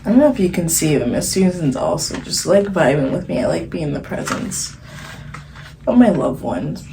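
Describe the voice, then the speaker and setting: A woman's voice: sits low, sing-song, normal speed, gravelly, background noise. A woman vlogger channeling late at night at home, rambling dreamily and giggling between thoughts.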